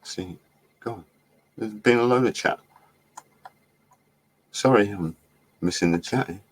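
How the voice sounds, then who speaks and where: Very low-voiced rambling man livestreaming. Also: slow, breathy edge. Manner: chatty, laughing, swearing, distracted by chat. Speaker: livestream host. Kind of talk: rambling live-stream chat.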